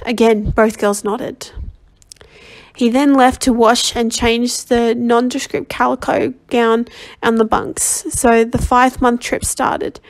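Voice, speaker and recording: A woman's voice: fairly high pitch, flat delivery. A woman reading a novel aloud as a volunteer, a little under the weather, stumbling and correcting herself as she goes. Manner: halting reading with frequent self-corrections. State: slightly ill and under the weather. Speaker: volunteer audiobook reader.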